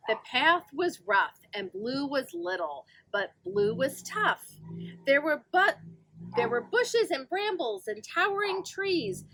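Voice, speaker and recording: A woman reading a picture book aloud for children, singsong and animated, often asking her young listeners questions. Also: very high voice, measured pace. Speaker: children's librarian. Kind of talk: storytime read-aloud.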